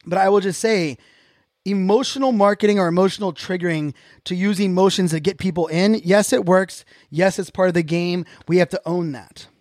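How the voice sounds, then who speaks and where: This man's voice is high-pitched with a darkish tone, moving at a moderate pace in a dry, studio-quality recording. As host of a casual solo podcast, he reflects openly and earnestly, correcting himself and restarting his loose sentences.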